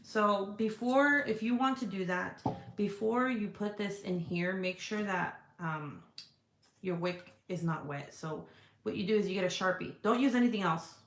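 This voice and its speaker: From an indoor room, a woman livestreams casually, swearing and chatting as she responds to comments and sells scented products. She speaks at a normal speed in a mid-range voice, and the audio is reverberant.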